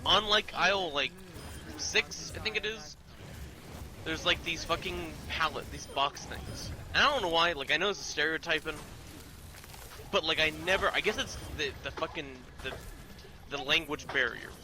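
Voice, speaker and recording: A man tells a story casually, cursing freely and circling through fillers. His voice sits a bit high, and steady background noise hums under the recording. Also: moderate pace, poor audio. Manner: profane rambling, many fillers.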